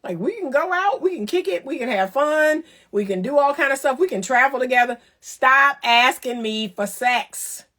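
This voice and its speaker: Animated woman giving blunt dating advice. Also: sits high, normal speed, hardly any pauses. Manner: animated, preachy and teasing, acts out voices. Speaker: relationship talk host. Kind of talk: casual advice monologue.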